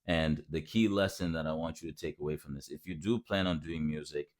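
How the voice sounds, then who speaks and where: A man's voice: very deep voice, fairly even intonation, brisk. A man in his twenties telling his own story in a heated, profane, mocking rant.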